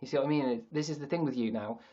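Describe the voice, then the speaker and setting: A man's voice: medium pitch, quick pace, mellow, highs cut off. A man hosting a comedic livestream, rambling, joking and swearing freely. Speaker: livestream host. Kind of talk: casual comedic livestream chat.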